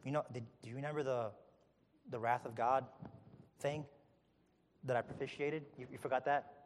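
A preacher voicing a softly reproachful Jesus. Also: male voice, mid-range voice, fairly even intonation, normal speed, long reverb tail, slight background noise, close to an everyday voice. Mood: gently reproachful. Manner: soft, quietly reproachful, teasing rhetorical questions. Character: Jesus gently rebuking ungrateful believers, male, patient.

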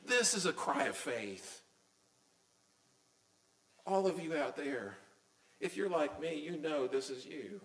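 A man's voice: on the high side, expressive, takes it slowly, long pauses, a bit bright, echoey room, low-quality recording. A middle-aged man preaching a sermon as a pastor, earnest and emphatic, with many rhetorical questions.

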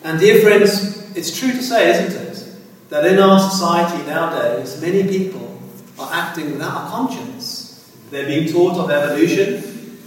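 A man preaching a sermon in a church, earnestly appealing to his listeners with repeated tag questions. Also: fairly high pitch. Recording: echoey hall from far off.

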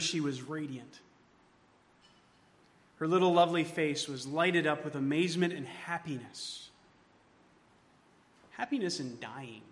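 A man preaching a sermon as pastor, moving from hushed, tender passages to loud, emphatic ones. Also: fairly high pitch. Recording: long hall reverb.

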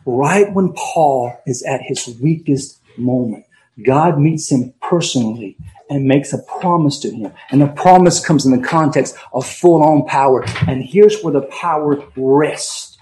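A male pastor preaching an emphatic sermon, slowing down and swinging between loud stresses and quiet asides. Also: medium pitch, a little hiss or hum, rough recording. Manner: emphatic preaching with dramatic pauses and swings in volume.

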